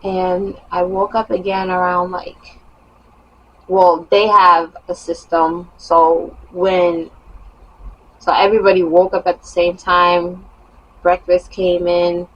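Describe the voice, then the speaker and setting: A young woman vlogger telling a personal story in a casual, animated monologue with emphatic rising bursts. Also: on the low side, slow, muffled recording.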